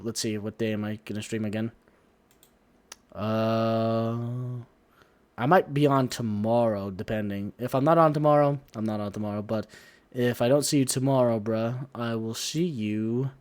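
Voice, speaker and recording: A man streaming, chatting casually, rambling and swearing heavily with quick asides. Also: medium pitch, darkish tone. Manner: profane, rambling, heavy swearing.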